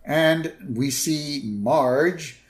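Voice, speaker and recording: A man co-hosting a podcast, casually recapping a cartoon episode and briefly mimicking its characters. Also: very slow. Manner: retells scenes, briefly mimicking characters in higher voices. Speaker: podcast co-host.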